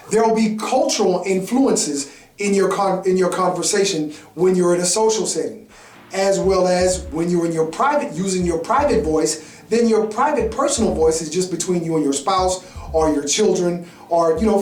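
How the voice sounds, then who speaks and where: A man's voice: sits high, darkish tone. Emphatic man lecturing in an echoey room. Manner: emphatic, repetitive, preachy. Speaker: vlogger. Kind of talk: lecturing monologue. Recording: roomy echo, distant mic, faint music.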